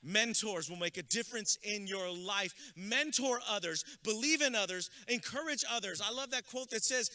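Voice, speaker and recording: Man, keynote speaker, animated storytelling, high voice, very bright and forceful tone. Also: normal speed, hardly any pauses. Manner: animated, comic storyteller building to a rousing close. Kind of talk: motivational storytelling speech. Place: school graduation ceremony.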